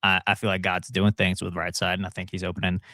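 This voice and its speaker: A man's voice: low-pitched, monotone, fast talker, sharp tone, dry recording, studio quality. A man, producer and co-host of a talk show, easygoing and enthusiastic. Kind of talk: casual talk-show chat.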